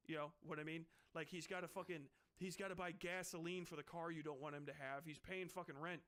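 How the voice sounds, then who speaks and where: A man's voice: on the high side, steady tone, quick pace, hardly any pauses, a bit bright. Rambling, swearing male streamer. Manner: rambling, swearing, ranting, laughing asides. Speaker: streamer reading a book aloud. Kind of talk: casual profane commentary on a book.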